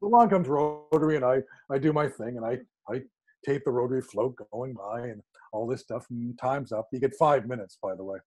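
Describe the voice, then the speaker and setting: A man telling a story in a casual, animated way, acting out quoted dialogue with sudden jumps in pitch. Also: a little fast. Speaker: guest speaker.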